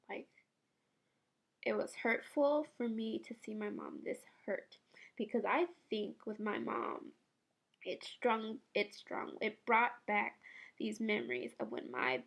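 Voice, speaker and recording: A tearful woman in her twenties from the San Francisco Bay Area, speaking softly and haltingly in a personal memorial video. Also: fairly high pitch, gravelly. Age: 20s. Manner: soft, halting and emotional. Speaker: vlogger.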